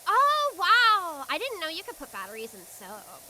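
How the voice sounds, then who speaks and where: A young woman streaming a game, chatting casually and excitably with a friend. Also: extremely high pitch, normal speed, slight background noise. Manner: bubbly, excitable, giggly. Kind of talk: casual gaming stream chat.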